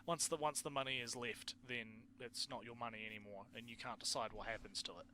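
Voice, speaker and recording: Man, casual chat host, rambling, restarts, swearing, very bright tone. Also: medium pitch, steady tone, a little fast, slight background noise.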